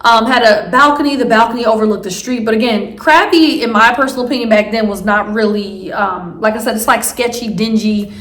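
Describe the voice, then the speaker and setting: A woman's voice: fairly high pitch, fairly quick, hardly any pauses, fairly bright tone, echoey room. A woman vlogger telling a story casually, rambling with many fillers and restarts.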